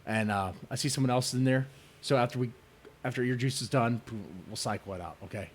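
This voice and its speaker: A man's voice: medium pitch, fairly quick. A man hosting a casual livestream debate, rambling and joking with his chat. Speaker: stream host.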